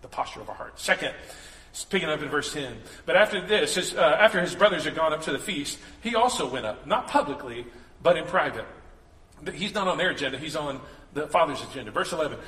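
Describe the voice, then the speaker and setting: A man preaching to a congregation, bright and tense in tone and high in pitch, speaking conversationally and slipping into quoted voices for comic effect. His voice rings around a large hall with a long, roomy reverb. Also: lively intonation, fast. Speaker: pastor. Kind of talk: sermon.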